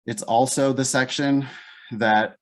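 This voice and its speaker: A man's voice: medium pitch, fairly even intonation, slow pace. A man leading a live test-prep class, thinking aloud step by step in a casual way. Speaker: LSAT teacher.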